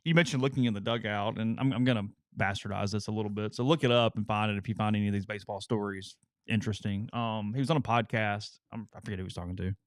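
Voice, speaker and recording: A man co-hosting a sports talk show, reading ads and telling a rambling, animated story in casual chat. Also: fairly low pitch, fast talker, few pauses, no room sound, studio quality. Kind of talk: casual chat and live ad reads.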